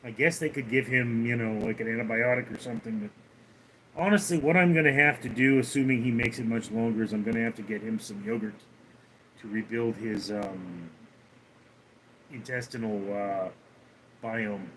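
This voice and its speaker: Male streamer, bright tone, relaxed and unhurried, reads chat and answers offhand. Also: mid-range voice, slight background noise, rough recording. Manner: relaxed, unhurried, trails off with fillers. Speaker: livestream host. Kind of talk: casual live-stream chat, reading viewer comments aloud.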